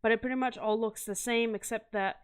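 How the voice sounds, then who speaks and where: A woman's voice: a little high, fairly even intonation, fairly quick, smooth. A woman hosting a casual video review of comic art, chatty and enthusiastic, often stopping to correct herself and laugh nervously. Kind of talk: casual chat.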